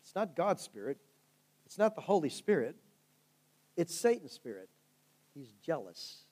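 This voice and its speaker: High-voiced fervent preacher man. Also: sing-song, unhurried, a little mellow. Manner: fervent storytelling preacher, rising and falling in volume. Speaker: pastor. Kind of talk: sermon.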